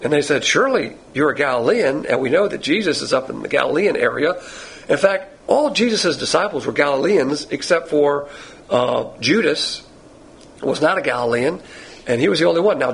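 A man's voice: a little high, lively intonation, a little fast, creaky, breathy edge, poor audio. Folksy man teaching a Bible class. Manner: folksy, digressive, conversational. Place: Bible class with listeners present.

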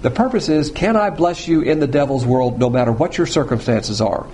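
A man preaching a sermon, blunt and provocative, swinging between loud emphasis and quiet asides. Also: medium pitch, fairly quick, a little hiss or hum.

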